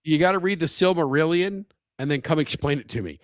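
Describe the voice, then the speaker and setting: A man's voice: on the high side, fairly quick, no room sound, studio quality. A man co-hosting a casual podcast chat, teasing and laughing often, rambling with frequent restarts. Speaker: podcast co-host.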